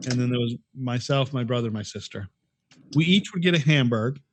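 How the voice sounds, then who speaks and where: With slight background noise behind him, a mid-range-voiced, middle-aged man co-hosts a podcast, trading casual, profane memories in a meandering style full of restarts.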